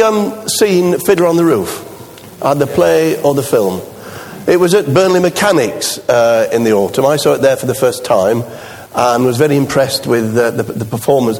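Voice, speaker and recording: A man's voice: medium pitch, darkish tone. A man preaching a chatty, self-deprecating sermon as a visiting preacher, with many restarts. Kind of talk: sermon with anecdotes. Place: church. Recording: long hall reverb.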